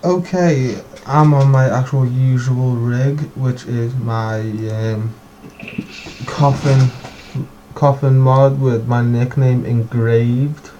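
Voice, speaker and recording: Swearing guy hosting a stream, rambly, mellow dark voice, bit of hiss. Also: medium pitch, fairly even intonation, slow, highs cut off. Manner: profane, rambling. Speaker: host. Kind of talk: casual stream chat.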